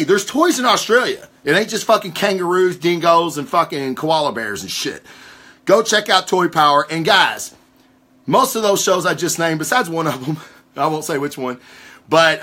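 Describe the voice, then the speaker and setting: A man's voice: on the high side, husky. A man hosting a casual comic-book news podcast, rambling and cursing freely as he rants from his home recording spot. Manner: profane, rambling, excitable. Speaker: podcast host.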